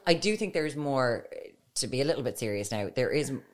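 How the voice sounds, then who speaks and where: Low-voiced woman joking around. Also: animated, brisk. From Ireland. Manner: joking, self-mocking storyteller. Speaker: podcast co-host. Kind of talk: casual chat.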